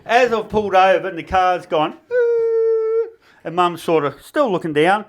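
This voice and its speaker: A man's voice: high-pitched, moderate pace. Laughing Australian man telling yarns. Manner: rambling anecdotal storytelling, laughing at his own jokes. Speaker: stand-up comedian. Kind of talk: stand-up comedy set. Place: backyard shed gig with a small live audience.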